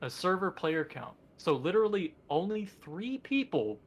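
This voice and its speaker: A man's voice: high voice, very animated, moderate pace. A man co-hosting a podcast in casual chat, rambling with enthusiasm and lots of fillers. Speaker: podcast co-host.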